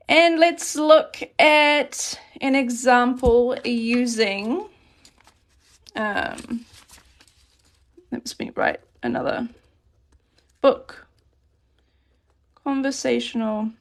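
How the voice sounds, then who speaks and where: A woman teaching a relaxed, chatty live grammar lesson and reading out questions from chat as she writes on paper at her desk. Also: on the high side. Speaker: Korean language teacher.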